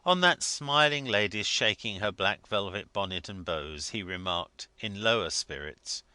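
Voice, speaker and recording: A man narrating a classic novel as an audiobook, in measured, expressive storytelling. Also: fairly low pitch, smooth, dry recording.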